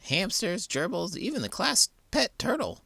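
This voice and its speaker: Give me an excitable little cartoon mouse with a high, bouncy voice, voiced by a man. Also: unhurried, creaky, no echo, exaggerated voice. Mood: excited. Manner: eager, boastful storyteller.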